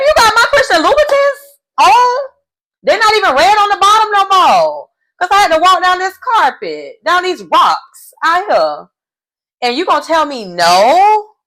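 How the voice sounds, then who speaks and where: A woman voicing a young bride who has just been jilted at the altar, shouting indignantly in a shrill voice. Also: heavily acted, rough recording.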